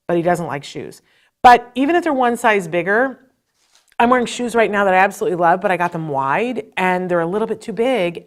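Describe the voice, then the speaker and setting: A woman's voice: fairly low pitch, fairly bright tone. A middle-aged woman hosting a live parenting advice show, telling stories with animation and speaking straight to her viewers. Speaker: host.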